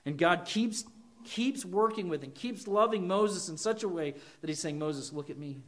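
This pastor's sermon is expressive and moderately paced, his voice fairly high for a man. He earnestly questions his audience and performs short quoted lines.

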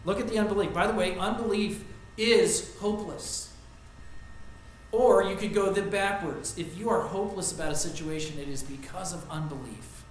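A man preaching a sermon as pastor, earnest, rising to loud emphasis and dropping to quiet reflection. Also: sits high, moderate pace. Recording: echoey room with faint ambient noise.

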